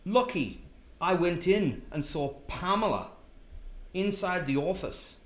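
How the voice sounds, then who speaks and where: A man's voice: lively intonation, slow pace. A man putting on a silly, exaggerated Scottish accent while dictating into his phone. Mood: comic dictation. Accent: put-on Scottish. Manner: exaggerated and comic, pitched up. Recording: echoey room.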